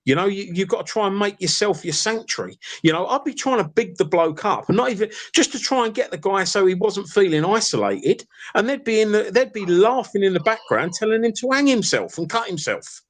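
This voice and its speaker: A man's voice: high-pitched, expressive, a little fast, hardly any pauses. A man with an East London accent lecturing insistently in a heated casual argument, calling the listener mate and fella. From England. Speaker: live stream participant.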